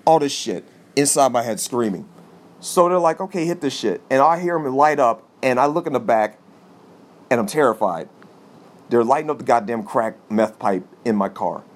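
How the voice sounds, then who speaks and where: A male podcast host tells a rambling comic story, swearing freely. His pitch leaps upward whenever he stresses a point, which gives the monologue an animated, excitable edge. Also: normal speed. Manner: animated, profane, jumps in pitch for emphasis.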